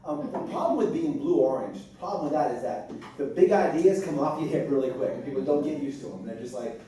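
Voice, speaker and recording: A man's voice: a little high, fairly quick, dark tone. A man leading a school staff meeting in casual talk, joking and rambling with lots of restarts and fillers. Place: large indoor room with a group. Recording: echoey room from far off with chatter.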